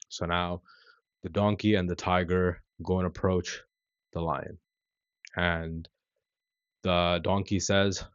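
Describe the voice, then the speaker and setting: A man in his thirties tells a story in an easy, rambling way, with lots of "like" and "you know". His voice sits very low. The sound is dry and dull, as if from a cheap mic. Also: a little slow, no echo. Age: 30s. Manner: relaxed and conversational, full of "like" and "you know". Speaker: vlogger. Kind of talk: casual storytelling vlog.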